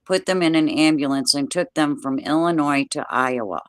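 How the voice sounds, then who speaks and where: An older woman, a guest, telling a personal story in plain, steady words with everyday dialect grammar, speaking from home over a video call. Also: sits low, normal speed, clean tone, no echo.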